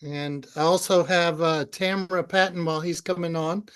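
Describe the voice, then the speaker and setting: A man's voice: a little high, flat delivery, normal speed, fairly bright tone, clear, resonant tone. A man introducing his students on a group video call, earnest, with many "uh" fillers. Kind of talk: casual chat.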